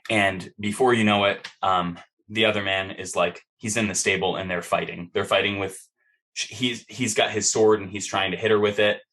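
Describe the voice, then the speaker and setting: A man's voice: on the low side, steady tone, normal speed, pushed and bright. A man running a tabletop game as game master, narrating a scene in vivid, profane, rambling fashion with many fillers.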